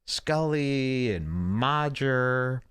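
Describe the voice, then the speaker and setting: A man's voice: mid-range voice, expressive, extremely slow, a bit bright, clean tone. Rambling, crude-joking male podcast host. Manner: rambling, crude, sarcastic jokes. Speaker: show host. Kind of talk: casual podcast commentary.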